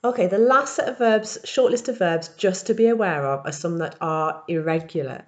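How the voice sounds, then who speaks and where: A woman teaching in a recorded language tutorial, explaining verb patterns step by step and modelling each form slowly. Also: on the low side. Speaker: French teacher.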